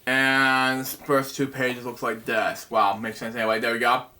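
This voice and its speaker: A man hosting a bedtime story show, reading a picture book aloud in a halting way, stumbling over words and breaking off with asides. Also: mid-range voice, completely flat delivery, bright, forceful tone. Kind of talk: casual read-aloud with asides.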